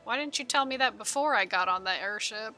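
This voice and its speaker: A woman's voice: fairly high pitch, a little fast, pushed and bright, soft background music. A young woman streamer chatting with jokes and swearing during live game commentary. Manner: joking, swearing, giggly asides.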